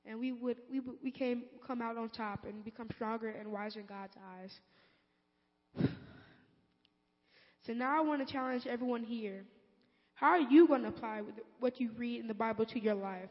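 A woman's voice: on the high side, normal speed, long pauses. Earnest woman addressing a church hall. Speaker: speaker at church service. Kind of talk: exhortation to congregation. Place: church sanctuary. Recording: lo-fi with long hall reverb.

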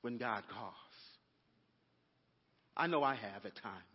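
A man's voice: lowish voice, lively intonation, slow pace, husky. A man preaching a sermon as a pastor, calling out to his congregation. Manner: preaching with call-and-response asides to the congregation. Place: church sanctuary. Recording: dull, echoey church recording.

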